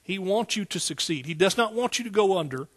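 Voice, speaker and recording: A man preaching a sermon, talking directly to the congregation, building to loud emphatic peaks and then dropping back to a conversational tone. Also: high voice, lively intonation, fairly quick, slightly rough. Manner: rises to emphatic exclaiming peaks; Southern "y'all" speech.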